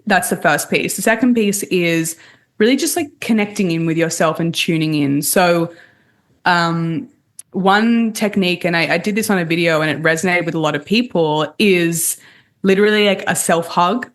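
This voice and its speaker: A woman dating coach talks a podcast host through a grounding exercise with a fairly low voice. Her delivery is calm and explanatory, and she lays out each step plainly. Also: moderate pace. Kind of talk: casual podcast interview.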